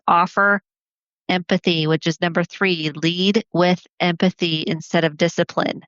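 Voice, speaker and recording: A woman hosting a podcast as a family therapist, talking earnestly and encouragingly, counting off her points slowly. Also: fairly low pitch, no echo, lo-fi sound. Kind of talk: solo podcast talk.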